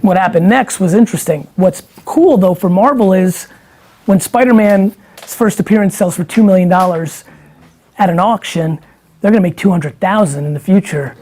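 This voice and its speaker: A man's voice: high-pitched, moderate pace, darkish tone. A middle-aged man talking casually as an interview guest, emphatic and profane, often rambling through his points.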